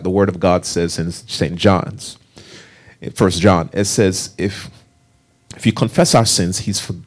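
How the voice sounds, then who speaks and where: A man delivers a sermon in a somewhat low voice. He drives his points home by repeating key phrases and asking his listeners questions. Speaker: preacher.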